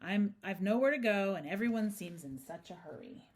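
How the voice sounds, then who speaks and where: A woman voicing a small, polite male bear in a quiet, hushed, lowered tone for a read-aloud storybook. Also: lively intonation, moderate pace, lightly acted.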